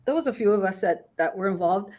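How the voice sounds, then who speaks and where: A woman's voice: medium pitch, expressive, fast talker, darkish tone. A middle-aged woman guest in casual chat, telling a long story with many restarts and fillers. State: has the hiccups.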